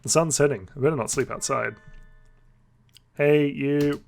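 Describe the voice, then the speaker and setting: A man's voice: mid-range voice, fast talker, creaky, husky, faint music behind. A man hosting a let's play, reading a visual novel aloud with playful, self-mocking asides.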